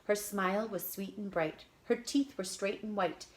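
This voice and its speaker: A woman reads a children's picture book aloud, bringing the story to life with an expressive, lively manner. Her voice sits at medium pitch and moves at a moderate pace.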